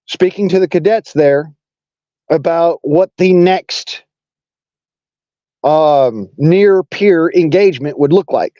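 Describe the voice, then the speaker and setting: A man's voice: fairly high pitch, mellow, dry recording, dull audio. A man from Arkansas with a Southern accent, hosting a casual political monologue in a blunt, profane, rambling way. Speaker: online talk show host.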